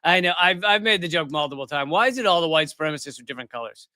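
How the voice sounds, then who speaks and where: A man's voice: a little high, lively intonation, racing, pushed and bright, dry recording, studio quality. A middle-aged man hosting a live political commentary show, ranting in a heated, sarcastic and mocking way. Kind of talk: live commentary rant on news clips.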